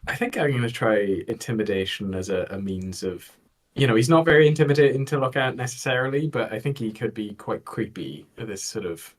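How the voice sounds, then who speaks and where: A man playing a tabletop game, speaking in a hesitant, soft-spoken way. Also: mid-range voice, animated, a little fast. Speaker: player. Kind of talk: casual chat.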